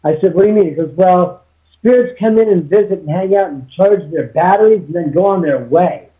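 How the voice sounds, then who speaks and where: A man's voice: high voice, fairly quick. Man rambling over a tinny phone line. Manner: rambling with many restarts and quoted dialogue. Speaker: guest, homeowner. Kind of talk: casual interview storytelling.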